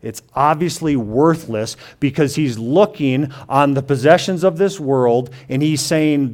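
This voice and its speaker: A man teaching a sermon, reading scripture slowly and quietly, then explaining it in his own words with frequent restarts and paraphrased quotes. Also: fairly high pitch. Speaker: preacher.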